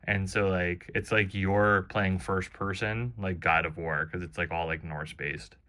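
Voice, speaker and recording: A chatty, playful man walks his wife through a card game with loose comparisons. His voice sits low but comes across bright and forceful. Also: fairly even intonation, a little slow. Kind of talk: casual explanation at a table.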